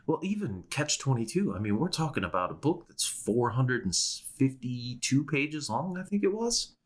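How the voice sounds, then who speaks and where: A man's voice: mid-range voice, big pitch swings, moderate pace. A young man co-hosting a podcast, talking casually and rambling with restarts and laughs. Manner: rambling, self-interrupting, with frequent restarts and laughs. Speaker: podcast co-host. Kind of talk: casual chat.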